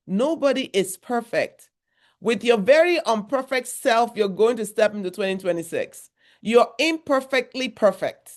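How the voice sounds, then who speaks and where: Speaking at medium pitch, this therapist from Nigeria gives a motivational workshop talk. She keeps things conversational, repeats herself often, and throws in emphatic asides.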